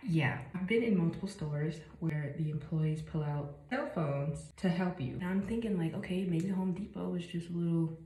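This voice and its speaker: A young woman from Chicago telling a story time while doing her makeup, animated, dropping to whispers and jumping up in bursts. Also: fairly low pitch, moderate pace, few pauses. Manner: animated, jumps between whispers and bursts of exclaiming. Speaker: vlogger. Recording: echoey room, faint noise.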